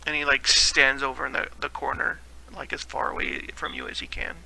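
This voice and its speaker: A man's voice: medium pitch, a little fast, vocal fry, poor audio. A man running a tabletop game as game master, telling the scene loosely with many fillers. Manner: relaxed, filler-heavy storytelling.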